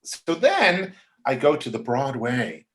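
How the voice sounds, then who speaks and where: A man's voice: medium pitch, slow. Middle-aged guy spilling backstage stories on a podcast, plain mid voice, jumps into other people's voices. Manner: animated, acts out quoted voices. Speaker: podcast guest. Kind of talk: casual storytelling.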